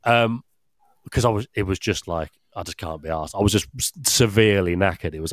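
A man's voice: low voice, brisk, dry recording. A young man, telling a rambling story in casual podcast chat and swearing casually. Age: young adult. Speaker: podcast regular.

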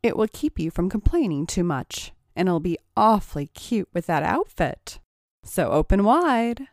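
A woman voicing a stern, dominant young woman who gives orders in a low, growling way. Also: sing-song, measured pace, darkish tone, no echo, studio quality. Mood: commanding. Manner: commanding, growling.

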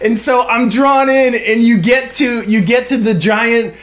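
A man co-hosting a podcast in casual chat, excitable and constantly exclaiming in disbelief. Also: very high-pitched, a little slow. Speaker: podcast co-host.

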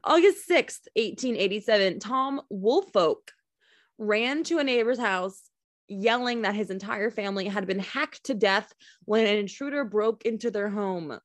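Casting: woman podcaster, chatty and giggly, middle pitch, dry close sound. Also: measured pace, no echo. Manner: chatty, giggly, lots of fillers. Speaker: podcast co-host. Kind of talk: casual true-crime podcast chat.

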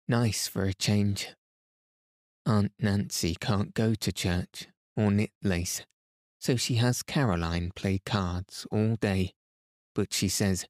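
Man, bedtime story reader, low voice, gentle and even, dry close sound. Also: no echo. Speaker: podcast reader. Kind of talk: calm bedtime story reading.

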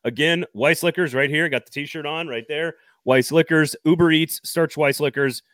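A man's voice: a little high, a bit bright, no echo. A man co-hosting a live sports podcast, joking, laughing often and rattling off sponsor reads. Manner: jokey, laughs often, fast sponsor patter. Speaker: podcast co-host.

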